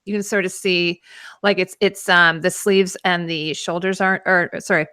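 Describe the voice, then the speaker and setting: Bright-voiced woman hosting a costume show. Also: fairly low pitch, fairly even intonation, normal speed, smooth, dry recording, clean studio sound. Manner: explains costume details with many fillers. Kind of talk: casual chat.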